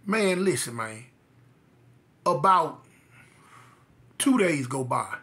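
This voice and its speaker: A man from Los Angeles tells a comic tale about himself, leaping between voices with lively, exaggerated delivery. His tone is bright and pushed forward, and his pitch swings widely from line to line. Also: takes it slowly. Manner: animated, acts out voices, exaggerated. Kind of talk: comic storytelling.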